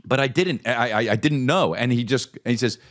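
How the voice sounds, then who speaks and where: A man hosting a podcast who tells a story in a casual, animated, profane way and acts out the voices of the people in it. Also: mid-range voice, brisk. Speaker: podcast host.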